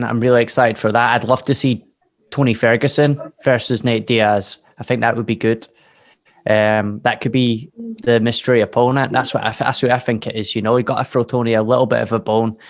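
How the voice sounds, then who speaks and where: Excitable young Scottish man. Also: medium pitch. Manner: enthusiastic, filler-heavy. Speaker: podcast co-host. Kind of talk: casual chat.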